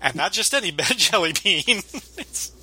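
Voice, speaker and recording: A man co-hosting a casual podcast, retelling a sitcom episode in an animated way and often laughing. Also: high voice, unhurried. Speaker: podcast co-host.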